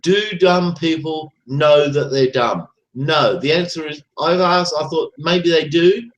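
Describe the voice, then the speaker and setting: A man's voice: fairly high pitch, unhurried. A man hosting a live chat stream, ranting in a rambling, profane, repetitive way. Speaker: livestream host. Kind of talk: ranting casual talk. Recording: roomy echo.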